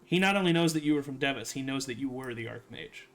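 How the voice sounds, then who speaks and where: A man running a tabletop role-playing game as game master, relaxed and chatty, laughing often. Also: mid-range voice, fast, soft background music.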